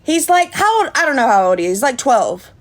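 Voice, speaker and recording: A woman's voice: high voice, sing-song, brisk. A woman chatting on a livestream, indignant, thanking viewers by name. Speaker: livestream host. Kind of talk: casual livestream chat.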